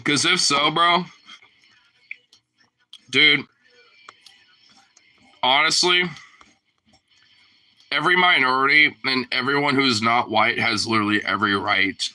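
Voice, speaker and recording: A man talking in a casual, rambling monologue, slangy and profane and full of fillers, moving between loud outbursts and low mutters. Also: rough recording.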